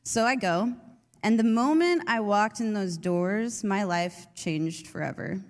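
A woman's voice: mid-range voice, measured pace. A young woman, a youth leader, telling her faith story in a chatty way with many fillers. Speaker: youth leader giving testimony. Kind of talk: personal testimony talk. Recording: long hall reverb.

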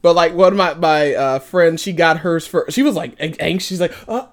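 A young woman co-hosting a casual movie review chat, giggling often and acting out quotes in high voices. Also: fairly even intonation, a little fast. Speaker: co-host.

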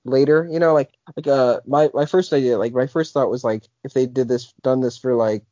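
A man's voice: medium pitch, fairly even intonation, fairly quick, warm tone, dry recording. A young man co-hosting a podcast in casual chat, rambling with lots of filler words and restarts. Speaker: podcast co-host. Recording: dull lo-fi podcast audio.

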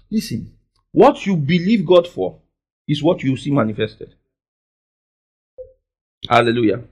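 High animated preacher. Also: male voice, unhurried, pauses often, husky. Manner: call-and-response, dramatic swings between soft and loud. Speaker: pastor. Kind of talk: preaching a sermon.

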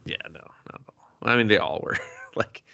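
A man's voice: normal speed, bright, forceful tone, dull audio. A man hosting a casual podcast, retelling an anime episode with quoted lines and laughter. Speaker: podcast host. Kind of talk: casual anime review chat.

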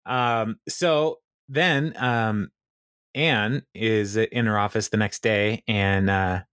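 A man with a low voice chats casually on a podcast, retelling scenes and quoting characters with frequent laughs and "um"s. The sound is close and dry, with no room around it. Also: steady tone, takes it slowly, a bit bright, clear, resonant tone, dry recording. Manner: laughs often, recounts scenes with quoted lines and many fillers. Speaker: podcast co-host. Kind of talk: casual chat recapping a TV episode.

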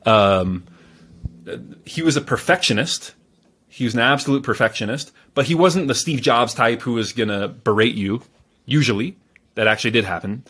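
A man speaking as a guest on a podcast, telling stories in a calm, measured way with frequent fillers and restarts. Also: mid-range voice, husky. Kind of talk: casual interview storytelling.

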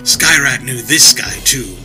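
A man narrating an action story in a vivid, expressive storytelling manner. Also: medium pitch, slow, soft background music, rough recording.

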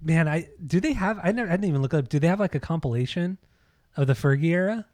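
A man's voice: fairly high pitch, expressive, quick pace, darkish tone. Laid-back podcast co-host, man. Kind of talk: casual chat.

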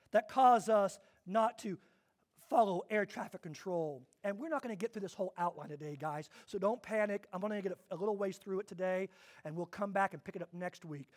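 A man preaching a sermon to his church, swinging between quiet asides and loud, emphatic declarations. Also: sits high. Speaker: pastor.

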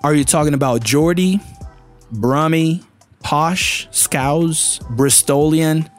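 A man's voice: a little high, takes it slowly, soft background music. A man teaching a casual English lesson, talking straight to the listener with lots of rhetorical questions.

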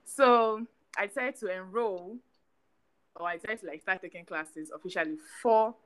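A young adult woman from Nigeria with a Nigerian accent, co-hosting a casual chat podcast and talking in an animated way, full of fillers. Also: medium pitch, moderate pace, rough recording. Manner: animated, chatty, lots of fillers. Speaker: podcast co-host.

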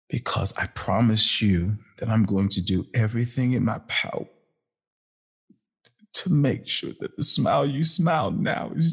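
A tearful man speaking to his younger self in a halting, heartfelt personal address, with sighs and pauses between phrases. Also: mid-range voice, fairly bright tone, slightly rough.

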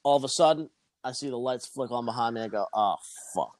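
A man's voice: mid-range voice, fast, a little mellow, no room sound. A man in his twenties telling a long story in casual chat, rambling and swearing, with frequent restarts.

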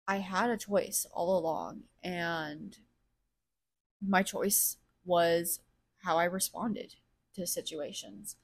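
A woman's voice: fairly low pitch, steady tone, slow. A woman hosting a podcast, speaking in a candid solo monologue, blunt and profane, openly reflecting on her own feelings as she talks. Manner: blunt, profane, emotionally raw; self-reflective, thinking aloud. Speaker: podcast host.

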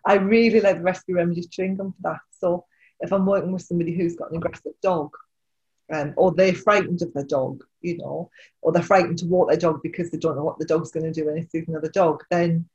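Soft, husky woman on a dull line. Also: on the low side, fairly even intonation, fast. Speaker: kinesiologist, host. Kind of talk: casual conversation.

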